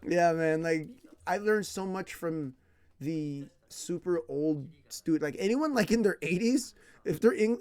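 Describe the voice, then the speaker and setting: A man's voice: high-pitched, no echo. A man from California who teaches English, telling stories casually in a slangy, laughing way. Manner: slangy, laughing, animated retelling. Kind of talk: casual storytelling.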